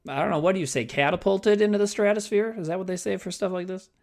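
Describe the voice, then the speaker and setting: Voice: medium pitch, fast talker, creaky, darkish tone. A podcast co-host in casual movie chat, rambling and profane with lots of fillers and jokes.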